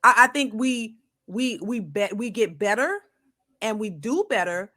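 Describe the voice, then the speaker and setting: A woman's voice: mid-range voice, expressive, measured pace, bright, forceful tone. A middle-aged woman who has been married over twenty years gives relationship advice on a talk panel. She is earnest and a little preachy, and she often repeats herself. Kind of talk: casual opinion talk.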